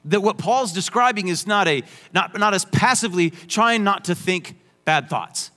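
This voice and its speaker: A young adult male pastor preaches an emphatic sermon with joking asides in a church sanctuary, where a long hall reverb fills the recording. His high-pitched voice is animated and sharp in tone, at a moderate pace.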